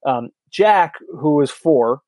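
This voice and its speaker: A man in his thirties chatting on a podcast, candid and self-deprecating, tending to ramble. His voice sits a little higher than most men's. The recording is dry and close. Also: lively intonation, takes it slowly, darkish tone, no room sound. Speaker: podcast co-host. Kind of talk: casual chat.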